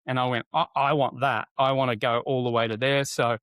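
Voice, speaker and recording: A middle-aged man, a guest telling stories in a casual interview, animated, with many fillers and restarts, acting out what people said. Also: mid-range voice, brisk, smooth, no room sound. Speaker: guest, NLP trainer.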